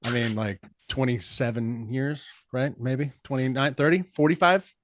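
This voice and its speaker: A man's voice: mid-range voice, fairly even intonation, normal speed, slight background noise. A man, hosting a casual podcast chat among family and friends, rambling and laughing as he talks. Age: 40s. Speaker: podcast host.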